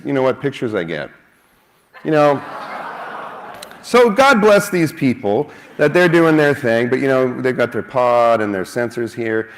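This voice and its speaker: A man speaking at a conference, joking and self-mocking, a little out of breath. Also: mid-range voice. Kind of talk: lively conference talk with jokes. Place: conference hall.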